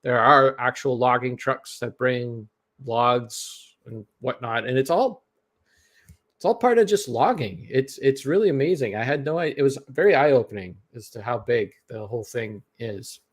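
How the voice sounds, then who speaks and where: Speaking with a Canadian accent, a Canadian man rambles through a long story in casual podcast chat. His mid-range voice moves at a moderate pace, packed with fillers and restarts.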